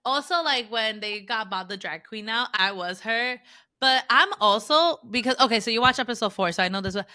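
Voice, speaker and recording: Young woman podcast cohost, bright voice, super dry close sound, gossiping excitedly. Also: on the high side, a little fast, no echo. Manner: chatty, excitable, acts out reality-show moments. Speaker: podcast co-host. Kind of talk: casual chat.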